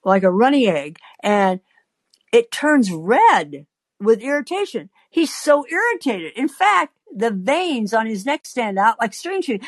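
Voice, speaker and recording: An older woman hosts her show as an advice columnist, telling a long story to her listeners with wry asides. She speaks slowly, her pitch swooping up and down with lively expression. The sound is dry and close. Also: no room sound. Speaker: advice columnist and podcast host.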